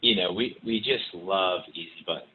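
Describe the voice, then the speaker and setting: A man's voice: low voice, normal speed. A man talking as a podcast guest in loose, rambling casual chat, with many restarts. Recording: tinny remote line with hiss.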